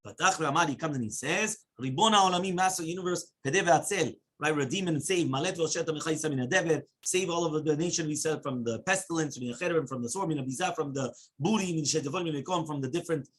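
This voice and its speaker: Husky fast-talking rabbi teaching Talmud. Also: male voice, a little high. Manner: animated, questioning asides like "right?" and "yeah?"; chants Hebrew quotes rapidly. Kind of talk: Talmud class, translating Hebrew and Aramaic into English.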